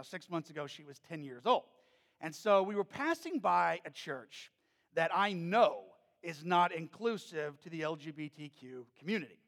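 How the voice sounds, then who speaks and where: High, gravelly preacher in a reverberant hall. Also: male voice. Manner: animated, storytelling preacher who rises to emphatic peaks. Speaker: pastor. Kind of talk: sermon. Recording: long reverb of a large hall.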